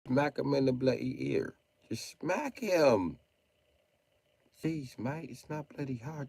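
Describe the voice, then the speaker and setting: A man livestreaming, ranting in mocking tones with sudden shouted bursts and jokey mock British slang. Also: medium pitch, animated, slow, vocal fry, no room sound.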